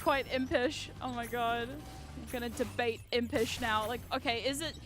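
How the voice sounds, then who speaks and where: A woman streaming a game, chatting excitedly with her viewers, swearing freely and shouting at the game. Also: a little high, normal speed, soft background music. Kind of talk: live-stream gameplay chat.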